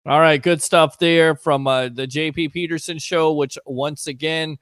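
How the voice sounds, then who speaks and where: A man hosts a sports call-in show with a high, quick voice. The sound is dry and close. He talks in a loose, chatty way. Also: fairly even intonation, fairly bright tone, no room sound. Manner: chatty, fast, takes phone calls. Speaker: radio show host. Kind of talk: casual sports talk radio.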